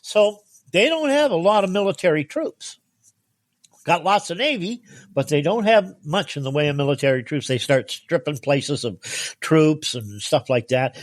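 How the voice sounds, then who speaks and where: A man as guest co-host in a casual history podcast chat, animated and chuckling mid-sentence. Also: sits high, no echo, studio quality.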